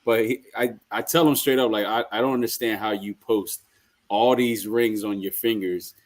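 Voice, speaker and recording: A man's voice: on the low side, steady tone, normal speed. Man, sports podcast co-host, rambling storyteller, casual chat. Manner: storytelling, repeats words as he starts.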